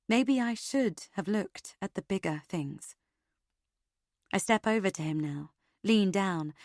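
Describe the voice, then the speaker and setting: A woman's voice: no echo, studio quality. Dramatic woman narrating an audiobook. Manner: dramatic, expressive reading with sharp swings in pitch and loudness.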